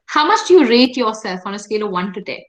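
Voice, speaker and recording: A woman's voice: on the high side, sing-song, fast, a bit bright, poor audio. A woman with an Indian English accent leading an interactive online workshop, often asking her listeners questions and prompting them to answer. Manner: engaging, asks the audience frequent questions. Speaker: workshop speaker. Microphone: video call.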